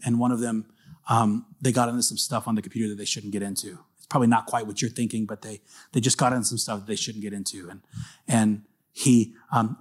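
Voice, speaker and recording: A male pastor giving a casual, earnest sermon in a conversational way. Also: medium pitch. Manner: casual, earnest, acts out short quoted lines.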